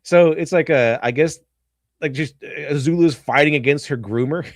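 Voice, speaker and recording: A man's voice: a little high, normal speed, no room sound. Man, stream host, casual rambling commentary, laughs often, dry sound. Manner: rambling, laughing, animated retelling.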